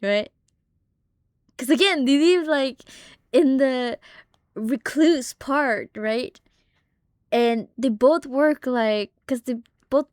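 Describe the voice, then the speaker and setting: A young woman streamer telling family stories in casual, swear-heavy chat, animated and laughing often. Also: on the high side, clean tone, no room sound, clean studio sound. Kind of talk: casual storytelling on a live stream.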